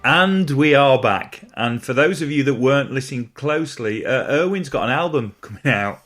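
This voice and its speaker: A man's voice: mid-range voice, expressive, moderate pace, fairly bright tone. A man hosting a podcast in a casual chat, hesitant and stumbling over his words. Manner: hesitant, stumbling, lots of fillers. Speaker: podcast host.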